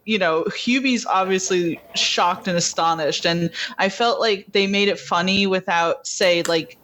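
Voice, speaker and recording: A woman's voice: lowish voice, a little slow. Laughing woman reviewing a film. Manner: animated, laughs often, acts out quotes. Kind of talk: casual podcast chat.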